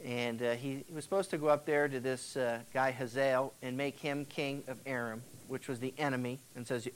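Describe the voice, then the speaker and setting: A male pastor gives a casual, conversational sermon in a mid-range voice, steady in tone at normal speed with few pauses. He retells Bible stories, acting out the characters' quoted words, with background noise present.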